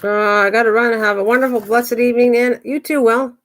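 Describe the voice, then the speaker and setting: An older woman hosts a relaxed craft livestream, chatting as she works. She thinks out loud, wanders between small tasks and greets viewers by name in an easy, homey way. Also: on the high side, a little fast. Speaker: craft channel host. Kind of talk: casual livestream chat while crafting.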